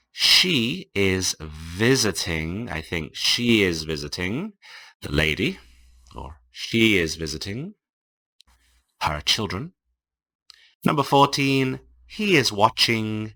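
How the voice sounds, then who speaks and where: Male English teacher for an online lesson, unhurried and clearly enunciated, with a bright, lively lower voice. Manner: slow, carefully enunciated classroom reading. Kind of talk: online lecture for language learners.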